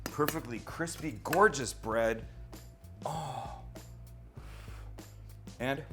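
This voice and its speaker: A man's voice: mid-range voice, very slow, music in the background. A middle-aged man hosting a cooking show from his home kitchen, chatty and teasing, answering his own questions. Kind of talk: casual cooking demonstration. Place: home kitchen with low ceilings. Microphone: handheld mic held close at times.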